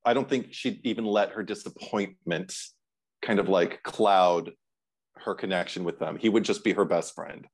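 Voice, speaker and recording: A man's voice: low voice, normal speed, slightly rough. A man co-hosting a casual film discussion podcast, talking animatedly with frequent restarts and bursts of laughter. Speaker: co-host.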